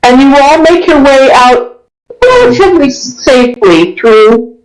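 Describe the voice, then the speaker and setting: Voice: high-pitched, lively intonation, a little slow, rough recording. A dungeon master narrating a tabletop game session, describing the scene with frequent restarts.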